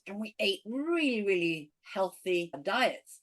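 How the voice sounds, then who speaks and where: A woman, an author and coach, talking as a podcast guest and earnestly, eagerly explaining ideas in a relaxed conversational way. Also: medium pitch, slow pace. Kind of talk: conversational interview.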